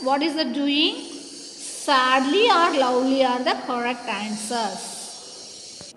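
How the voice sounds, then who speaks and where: A woman's voice: sits high, expressive, fairly bright tone, slight background noise. A woman teacher leading a lesson for young children, drawing out each word with emphasis. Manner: drawn-out, emphatic word-by-word delivery, calls children "my dear children". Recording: echoey room with long reverb.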